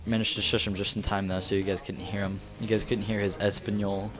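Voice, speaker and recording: A man's voice: lowish voice, flat delivery, fast talker. A man whose first language is Spanish giving casual, rambling video game commentary, correcting himself often and laughing. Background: faint background music.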